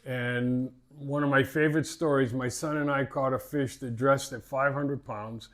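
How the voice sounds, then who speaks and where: A man's voice: medium pitch, steady tone, moderate pace. An older man with a Boston accent, a fishing captain telling stories in a casual interview, rambling and repeating words. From Massachusetts.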